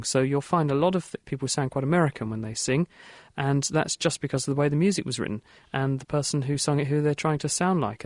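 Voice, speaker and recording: A man hosting a radio science show, explaining answers in a brisk, plain-spoken way. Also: mid-range voice, darkish tone, dry recording, clean studio sound. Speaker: host.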